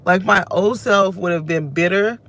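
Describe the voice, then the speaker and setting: A woman's voice: medium pitch, moderate pace, a bit bright. Ranting woman in her thirties, in car. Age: 30s. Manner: venting, self-reflective, rambling. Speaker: vlogger. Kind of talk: emotional personal rant to camera.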